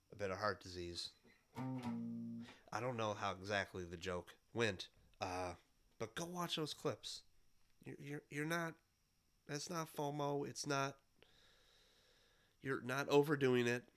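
A man's voice: mid-range voice, a little slow, pauses often, a bit bright, faint music behind. A man in his thirties with a cold, hosting a podcast in a rambling, nostalgic monologue full of fillers and restarts. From Midwestern United States. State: has a cold. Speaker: podcast host. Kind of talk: casual monologue.

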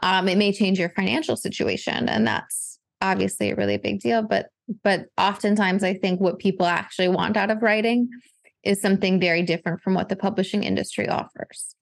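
Woman guest on a podcast, gravelly fry in her voice, dry close mic, chill and thoughtful. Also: medium pitch, fairly even intonation, brisk, no room sound. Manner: reflective, loose with fillers like "like". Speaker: literary agent and author, podcast guest. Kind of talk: casual podcast conversation.

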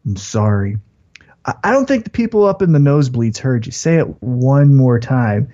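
A man's voice: medium pitch, lively intonation, normal speed, mellow, muffled recording, pitched below the performer's own voice, natural voice. A man putting on a smug, cruel female wrestling champion, taunting her rival in a mocking tone.

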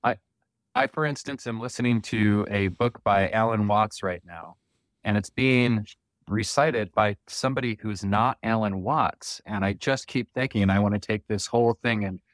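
Low-voiced man rambling on a panel. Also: normal speed, dry recording. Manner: relaxed, rambling, with many ums and restarts. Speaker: panel guest. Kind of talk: casual live audio chat.

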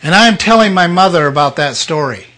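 An older man preaching a personal testimony, telling his story with emotion and sudden swings between loud outbursts and hushed moments. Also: a little high, lively intonation, brisk. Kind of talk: sermon testimony.

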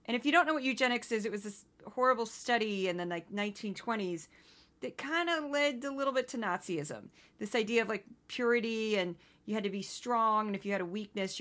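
A woman from Missouri hosting a solo news-commentary podcast, talking in an indignant, conversational way with quick asides. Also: medium pitch, fairly bright tone. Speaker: podcast host.

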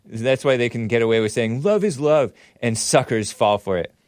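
A man's voice: mid-range voice, fairly even intonation, brisk, no echo, clean studio sound. A man hosting a show, giving sarcastic, mocking commentary on the news. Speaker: host.

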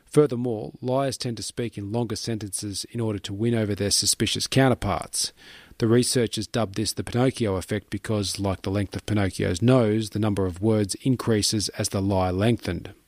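Male narrator, low register, even scripted delivery, dry close recording. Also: no echo. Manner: even, measured reading. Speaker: book summary narrator.

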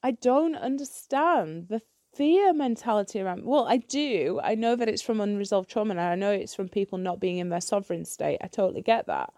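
A woman's voice: medium pitch, lively intonation, a little fast, hardly any pauses, dark tone, dry recording, studio quality. A woman ranting bluntly in a solo podcast monologue, swearing freely and restarting her sentences when heated. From United Kingdom. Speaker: podcast host.

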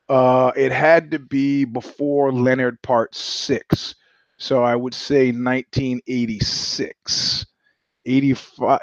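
A man's voice: medium pitch, no echo, lo-fi sound. Blunt, profane man telling stories. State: sweating. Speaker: podcast host. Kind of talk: casual monologue.

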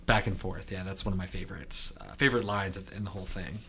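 A man's voice: low voice, fairly even intonation, quick pace, a bit bright, slight background noise. A man hosting a podcast, talking casually and enthusiastically about favorite lines. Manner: enthusiastic, quotes lines aloud. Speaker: podcast host. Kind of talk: casual discussion.

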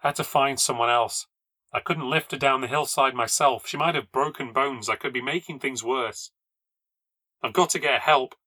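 Man, ghost story narrator, measured and low-key, dry close sound, bright tone. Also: no room sound. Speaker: podcast storyteller. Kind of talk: scripted first-person ghost story narration.

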